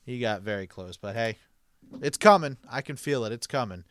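A man's voice: medium pitch, animated, moderate pace, fairly bright tone, no room sound, studio quality. Chatty man on a sports podcast. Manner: upbeat, announcer-like segment intros. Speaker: podcast co-host. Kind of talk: casual sports podcast chat.

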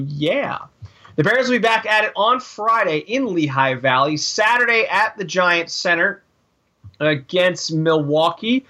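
A man's voice: on the high side, sharp tone. A man co-hosting a casual sports podcast, rambling through scores with jokey asides. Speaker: podcast co-host.

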